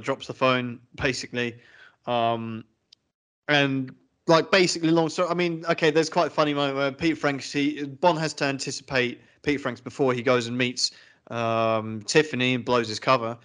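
A man's voice: mid-range voice, flat delivery, normal speed, fairly bright tone, smooth. A man co-hosting a film review podcast, chatting casually and rambling through plot details with easy laughter. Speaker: podcast co-host.

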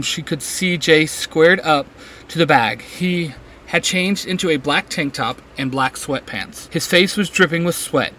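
A man reading a fan fiction story aloud in a plain, steady way with small slips. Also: on the high side, a little hiss or hum. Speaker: reader.

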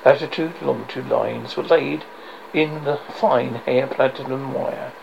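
A man's voice: medium pitch, steady tone, a little slow, vocal fry, dull audio, background noise. A man reading a novel aloud in a dramatic way, with occasional slips and restarts. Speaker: reader.

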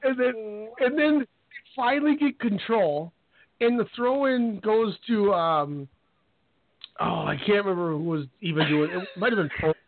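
Higher-voiced male sports radio host, animated storyteller, phone-quality audio. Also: moderate pace. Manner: animated storyteller, acts out players with quoted voices. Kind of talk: casual sports radio chat. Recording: tinny phone-line sound.

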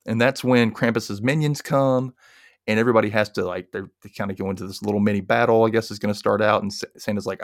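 Low-voiced man, dry close sound. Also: fairly even intonation, no room sound. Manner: chatty, jumps into quick character voices. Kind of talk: casual movie recap.

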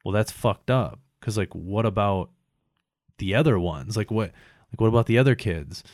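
A man in his thirties talks in loose, rambling casual chat, full of swearing and self-mockery. His voice sits low. The sound is dry and close, with no room around it. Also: normal speed, darkish tone, dry recording. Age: 30s. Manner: rambling, profane, self-mocking.

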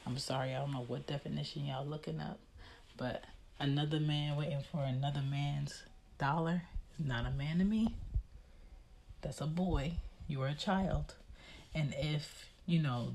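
A woman's voice: deep voice, normal speed, vocal fry, a little mellow, a little hiss or hum. A woman giving a blunt, lecturing monologue in a casual vlog, recorded in her home hallway. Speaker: vlogger.

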